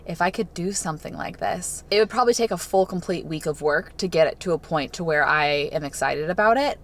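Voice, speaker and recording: A young woman vlogging casually to camera, chatty and excitable, gasping and squealing over what she unwraps. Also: sits low. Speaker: lifestyle vlogger. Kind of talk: casual vlog chat to camera.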